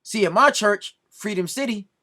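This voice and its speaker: High-voiced man scolding preachily. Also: moderate pace, sharp tone. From Southern California. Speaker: video commentator. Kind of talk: ranting commentary to camera.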